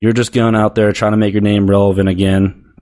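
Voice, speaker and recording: A man's voice: lowish voice, flat delivery, brisk, mellow. A man hosting a sports show, delivering a blunt, profane, heated rant about football. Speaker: sports podcast host.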